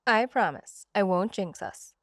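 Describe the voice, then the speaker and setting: A woman's voice: medium pitch, animated, measured pace, no room sound, studio quality. A woman voicing an earnest young woman just out of college, often speaking in a whisper in a storybook reading.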